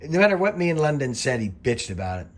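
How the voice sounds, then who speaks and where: A man's voice: mid-range voice, very animated. A middle-aged man, a former wrestling referee, giving casual, rambling commentary over old match footage and swearing freely as he gets worked up. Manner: rambling, chatty, profane, quick to get worked up.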